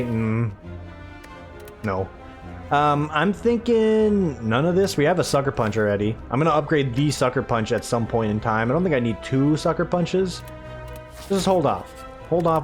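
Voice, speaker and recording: Young guy rambling about his day while gaming, mid pitch, bit of music behind. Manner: rambling, self-deprecating, chatty. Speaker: gaming YouTuber. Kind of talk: casual let's play commentary.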